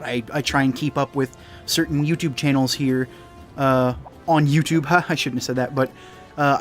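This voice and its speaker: A young man with a Canadian accent, a gaming YouTuber rambling through casual chat and often correcting himself. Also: a little high. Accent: Canadian English.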